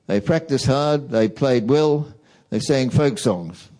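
A man giving a reflective talk to a church audience, speaking in a slow, measured way. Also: medium pitch, warm tone, poor audio. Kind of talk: reflective talk, reading song lyrics aloud.

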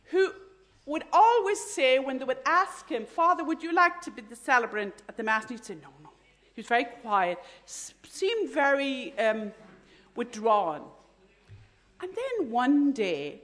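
A woman telling a faith story in an earnest storytelling talk. She often drops to a hushed voice at the moving moments. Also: fairly high pitch.

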